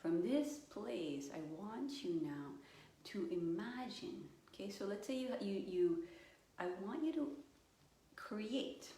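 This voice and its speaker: A woman yoga and meditation coach guiding a live session, slow and soothing, with playful acted-out voices. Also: medium pitch, expressive, mellow. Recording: echoey room, distant mic, faint noise.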